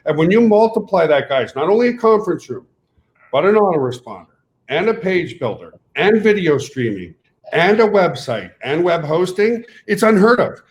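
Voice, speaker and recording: A middle-aged French Canadian man, a native French speaker, hosting a video call with a rambling, animated sales pitch that keeps breaking into laughter. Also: moderate pace. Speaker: company CEO hosting a call.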